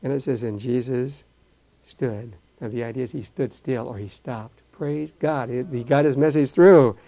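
An older man teaching verse by verse through a Bible passage, animated and acting out the voices in the story. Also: medium pitch, moderate pace, lo-fi sound. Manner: animated, acts out voices, repeats words.

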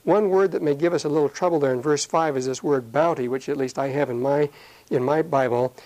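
A man's voice: fairly high pitch, a little mellow, rough recording. Man teaching verse by verse. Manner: conversational, many fillers, slows to read scripture aloud. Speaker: Bible teacher.

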